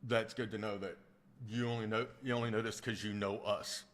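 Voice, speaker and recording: A man with a fairly low voice talks casually to viewers of a livestream. He rambles, doubles back on his words and restarts sentences as he answers the chat. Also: little pitch movement, brisk. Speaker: streamer and audiobook narrator.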